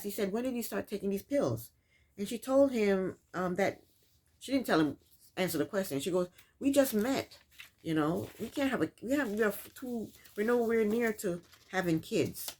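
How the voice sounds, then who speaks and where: A woman's voice: medium pitch, a little mellow. A woman hosting a casual recap of a reality show, telling the events in her own words and scolding the people in it. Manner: sassy, scolds the people on screen.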